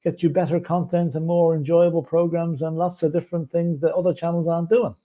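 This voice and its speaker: A man's voice: fairly high pitch, little pitch movement, brisk, lo-fi sound. A man co-hosting a casual live stream, easygoing and outspoken, often stumbling on words, talking over a remote call. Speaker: co-host.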